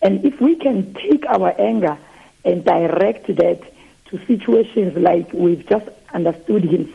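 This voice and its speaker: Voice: mid-range voice, vocal fry, slightly rough. A trustee from South Africa calling a radio show, speaking earnestly and reflectively. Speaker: caller, trustee. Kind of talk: impassioned phone-in comment. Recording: tinny phone line.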